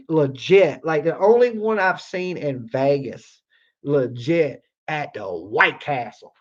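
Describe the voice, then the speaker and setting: A livestream host with a fairly high voice tells a rambling, profane late-night story, saying "like" constantly and going over the same points. The recording sounds muffled.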